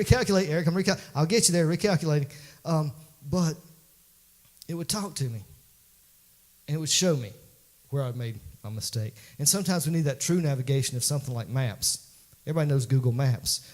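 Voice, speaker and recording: A man preaches a sermon in a church, his voice a little higher than most men's. He talks in a folksy, conversational way, building to emphatic peaks. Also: a little mellow. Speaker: pastor.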